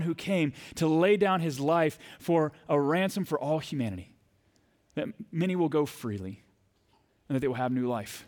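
A man's voice: on the high side, moderate pace, darkish tone. A male pastor in his thirties preaching a sermon in a conversational, storytelling way that rises to fervent emphasis.

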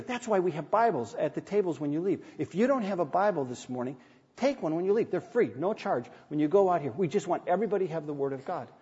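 Mellow-voiced male pastor preaching in a reverberant church. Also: a little high, slightly rough. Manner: earnest storytelling preacher, reads scripture aloud, light humor. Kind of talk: sermon. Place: church sanctuary. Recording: dull sound with long hall reverb.

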